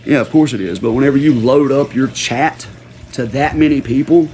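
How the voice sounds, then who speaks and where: A man's voice: mid-range voice, moderate pace, darkish tone, a little hiss or hum. A man hosting a livestream, delivering a heated, profane rant full of slang and repeated lines for emphasis. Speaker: livestream host.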